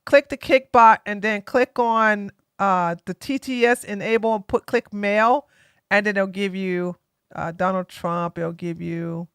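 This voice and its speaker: Excitable, mocking woman streamer. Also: medium pitch, a little slow, clear, resonant tone, dry recording, clean studio sound. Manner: excitable, mocking, laughs loudly. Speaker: live stream host. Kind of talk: casual live-stream commentary.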